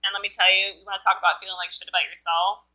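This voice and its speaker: A woman in her thirties talks in a casual podcast chat, rambling through filler words with a self-deprecating streak. Her voice is very bright and forward. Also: medium pitch, flat delivery, rapid-fire, rough recording. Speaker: podcast co-host.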